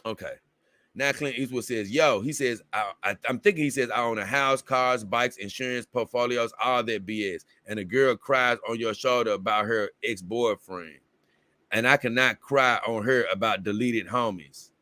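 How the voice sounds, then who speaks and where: A man's voice: mid-range voice, normal speed, sharp tone, dry recording. A man hosting a livestream in casual chat, reading viewer comments aloud and rambling, with bursts of exasperated confusion. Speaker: livestream host.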